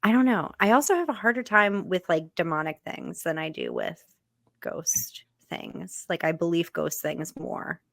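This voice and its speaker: A woman's voice: on the low side, sing-song, moderate pace, gravelly, a bit bright, no room sound. Laughing skeptical young woman, dry close sound. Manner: skeptical, laughs often, many "like" fillers. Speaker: co-host of a reaction channel. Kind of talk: casual reaction chat.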